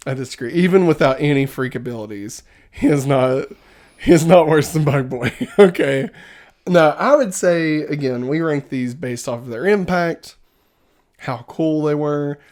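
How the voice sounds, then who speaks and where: At a normal speed, a woman with a low, slightly mellow voice co-hosts a casual podcast conversation, giggling and laughing a lot as she speaks.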